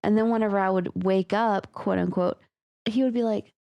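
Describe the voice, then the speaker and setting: A young woman in casual conversation as a podcast co-host, with a voice of ordinary middle pitch. She is chatty and animated, laughs easily and rushes ahead when a story gets going. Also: vocal fry, lo-fi sound. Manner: chatty and animated, laughs often, speeds up when telling anecdotes. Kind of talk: casual chat about submitted stories.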